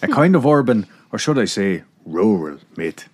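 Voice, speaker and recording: A man's voice: on the low side, big pitch swings, moderate pace, husky, no room sound. Man doing a gloomy old Irish principal. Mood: ominous. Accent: heavy rural Irish. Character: old male school principal, gloomy and level-headed.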